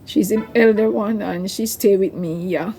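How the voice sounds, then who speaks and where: Older woman, mellow voice. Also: medium pitch, steady tone, normal speed, husky. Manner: emotional, rambling, tearful at times. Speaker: vlogger. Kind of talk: personal storytelling to camera.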